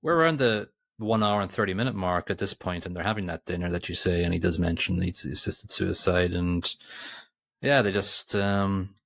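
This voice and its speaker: A man's voice: low-pitched, moderate pace, creaky, a bit bright, no echo, clean studio sound. A man co-hosting a podcast, chatting casually about a film with rambling restarts and asides. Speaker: podcast co-host. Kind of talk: casual film review chat.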